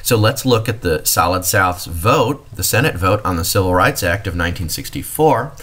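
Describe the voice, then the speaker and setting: A man's voice: deep voice, lively intonation, normal speed, fairly bright tone. A man giving a recorded history lecture, explaining to students and addressing them directly.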